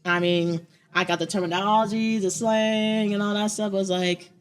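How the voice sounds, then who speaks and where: A young woman from Chicago chatting as an interview guest, lively and quick to laugh. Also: mid-range voice. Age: young adult. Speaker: guest, poet and open mic host. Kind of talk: casual interview chat.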